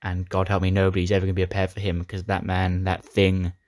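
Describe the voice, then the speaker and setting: A man's voice: low voice, completely flat delivery, quick pace, a little mellow, no room sound, studio quality. A man casually recapping his playthrough of a wrestling sim game, retelling storylines with dramatic flair. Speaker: gaming YouTuber.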